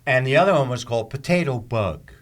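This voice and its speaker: An older man hosting a podcast, telling show-business stories in a relaxed, chatty way and closing with a friendly sign-off. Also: medium pitch, fairly quick. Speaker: podcast host. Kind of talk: casual chat.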